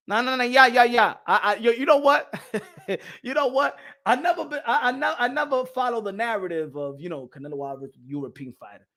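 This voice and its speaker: A boxing show host delivers an opinionated rant, heated and full of profanity and mockery. His voice sits very high for a man and has a sharp, cutting edge. He laughs often between his jabs. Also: normal speed, long pauses.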